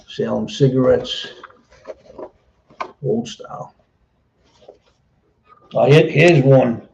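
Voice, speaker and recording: A man's voice: mid-range voice, mellow, dull audio. A middle-aged man chatting casually on a live stream, rambling and repeating himself as he talks.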